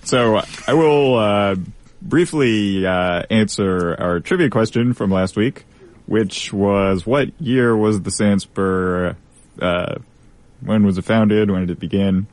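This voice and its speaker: Low-voiced young male radio host. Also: slow, darkish tone. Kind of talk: casual radio chat.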